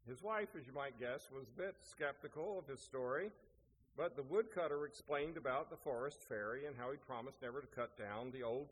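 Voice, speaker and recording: A man preaching a sermon as pastor, telling a story and asking rhetorical questions. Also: medium pitch. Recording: echoey hall, faint noise.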